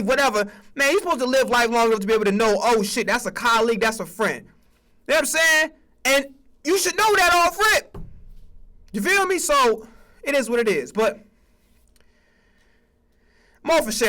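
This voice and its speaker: A streamer holds forth on football in a loose, profane rant. His voice sits high and swings widely in pitch, with a bright, forceful tone. He keeps breaking into quick impressions of imagined conversations. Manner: animated, profane, acts out mock dialogue. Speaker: streamer host. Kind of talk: casual sports rant.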